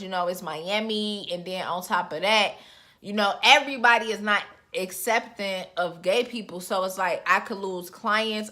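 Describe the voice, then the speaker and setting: A young woman reviewing a reality show in casual, expressive chat, her voice jumping up in pitch as she reacts. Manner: chatty, expressive, with sudden pitch jumps.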